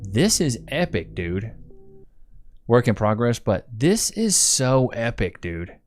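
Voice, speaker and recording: A man's voice: medium pitch, big pitch swings, slow pace, a little mellow, faint music behind. A man hosting a livestream, chatting casually and rambling as he thanks viewers and reads their donations, laughing often. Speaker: livestream host.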